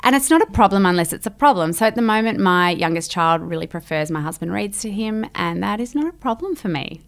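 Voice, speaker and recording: Middle-aged woman, parenting expert guest on a podcast; animated delivery that jumps into acted voices. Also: medium pitch, brisk, slight background noise. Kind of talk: podcast interview.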